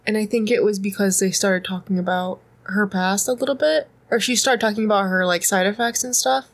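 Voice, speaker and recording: A woman's voice: medium pitch, fairly even intonation, fairly quick. A young woman co-hosting a podcast, reading fan fiction aloud and teasing her co-host with laughs and swearing. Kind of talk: casual podcast banter and read-aloud.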